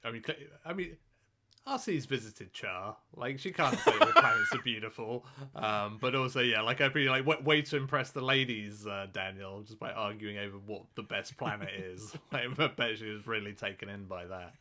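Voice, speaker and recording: A man's voice: on the low side, wildly swooping pitch, normal speed, bright, forceful tone, a little hiss or hum. A man co-hosting a podcast, chatting casually and joking with frequent laughs. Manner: joking, laughs often, repeats words. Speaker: podcast co-host.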